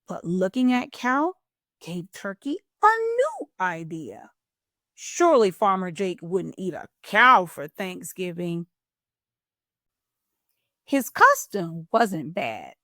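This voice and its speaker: A woman hosting a children's storytime, reading a picture book aloud in a playful, expressive way. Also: on the low side, no room sound, studio quality. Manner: expressive, playful, drawn-out delivery.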